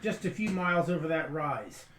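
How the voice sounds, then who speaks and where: A man's voice: a little high, lively intonation, moderate pace, a bit bright, reverberant, slight background noise. A man voicing a helpful scouting owl that reports what it sees in a plain, matter-of-fact way.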